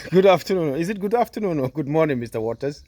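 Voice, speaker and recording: Man, vlog host, chatty and questioning, slightly high voice, dry sound, outdoors. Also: lively intonation, quick pace, darkish tone, no room sound. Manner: chatty, asks lots of questions. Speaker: video host helping with gardening. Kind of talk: casual vlog chat. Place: outdoors in a sunny garden.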